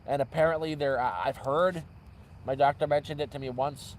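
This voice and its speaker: A man's voice: on the high side, fairly even intonation, moderate pace, a little hiss or hum, rough recording. A man vlogging from an outdoor camp at night, telling rambling stories and often correcting himself mid-sentence. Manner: rambling, self-correcting storyteller. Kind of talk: casual storytelling livestream.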